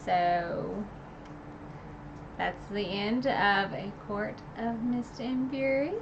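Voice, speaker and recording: A woman's voice: mid-range voice, very slow, vocal fry, highs cut off, background noise. A woman recapping a novel in a casual, rambling chat, full of fillers and asides. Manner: rambling and chatty, full of "like" and "you know". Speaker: book reviewer streaming a recap.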